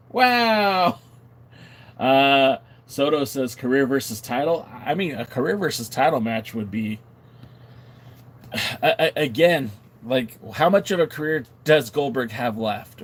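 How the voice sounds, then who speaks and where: A man hosting a wrestling podcast livestream, casually chatting and reading viewer comments in an animated, joking, mock-indignant way. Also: medium pitch.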